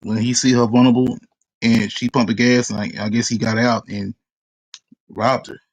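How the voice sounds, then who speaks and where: A man's voice: medium pitch, level tone, no echo. Guy in a street interview, keeps restarting, stumbles over words, dry close sound. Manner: halting, repetitive, many restarts.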